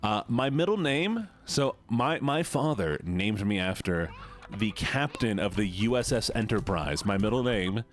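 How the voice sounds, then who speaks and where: Midwestern guy yapping on stream, super bouncy pitch, laughs a lot, reads chat out loud. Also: big pitch swings, unhurried. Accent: Midwestern American. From United States. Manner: chatty, rambling, laughs often, reads chat aloud. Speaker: VTuber streamer. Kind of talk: casual livestream chat.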